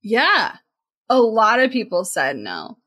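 A woman co-hosting a casual podcast chat. Her voice sits a little high, and she talks earnestly and with emphasis. She drops in plenty of filler words as she makes her point. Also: wildly swooping pitch, slow pace, bright, forceful tone. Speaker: podcast co-host.

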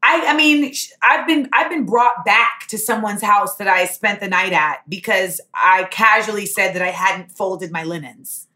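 A woman's voice: mid-range voice, moderate pace, few pauses, roomy sound. A woman hosting a podcast, telling stories in casual chat and acting out the voices of people in them. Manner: animated, acts out voices in her stories. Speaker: podcast host.

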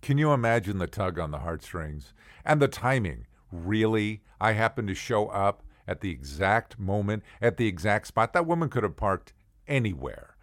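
A middle-aged man with a low voice tells a personal tale, swinging his pitch widely as he goes. He talks casually and chattily, turning to the listener with asides and acting out the people in his story. The sound is dry and close, with no room around it. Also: moderate pace, no room sound. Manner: animated, acts out the other people's voices. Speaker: podcast storyteller.

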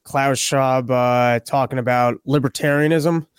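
A man co-hosting a podcast in casual, deadpan, crude joking chat. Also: medium pitch, unhurried, clean tone, no room sound, clean studio sound. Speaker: podcast co-host. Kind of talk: casual comedic political chat.

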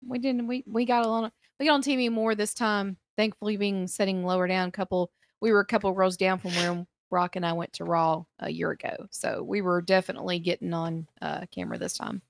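A woman with a Southern American accent, chatting as a podcast co-host with quick agreeing replies. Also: medium pitch, little pitch movement, gravelly, dry recording. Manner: quick agreeing interjections, laughs easily. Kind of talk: casual chat.

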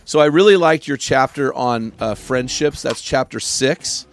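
A man's voice: mid-range voice, unhurried, faint music behind. A man hosting a podcast interview, enthusiastic and emphatic on key words. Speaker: podcast host. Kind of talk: casual interview chat.

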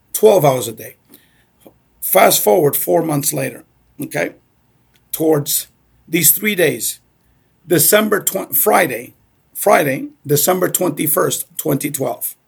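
A man's voice: fairly high pitch, vocal fry, breathy edge. A middle-aged man from Cuba telling a story in a casual way, often checking in with "okay?". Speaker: guest.

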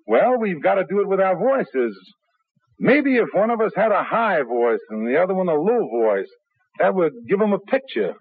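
An actor playing an eager, persuasive young radio performer in a 1950s radio drama. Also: male voice, high-pitched, very animated, normal speed, husky, heavily acted. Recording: tinny old radio broadcast.

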